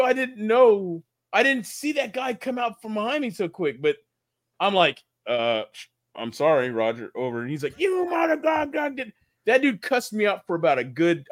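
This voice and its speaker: A man's voice: high voice, a bit bright. A man co-hosting a casual podcast, telling a long rambling story with restarts and laughs. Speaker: podcast co-host.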